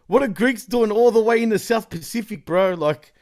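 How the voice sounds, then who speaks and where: An Australian man chatting as a guest on a podcast, his voice sitting a little high for a man. He talks in an animated, slangy way, swears freely and keeps slipping into mock accents. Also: moderate pace, a little hiss or hum. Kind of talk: casual chat.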